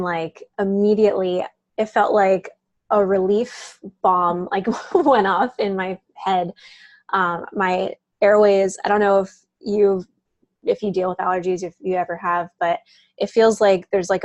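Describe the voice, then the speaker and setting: A mid-range, steady female voice with a darkish tone moves at a measured pace, captured in a dry, lo-fi recording. She chats as an interview guest about a personal experience, laughing often and peppering it with "like."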